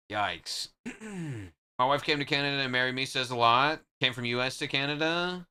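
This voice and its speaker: A man's voice: mid-range voice, expressive, a little slow, long pauses, sharp tone, clean tone. A man streaming live, trading joking, profane banter with his chat in casual talk.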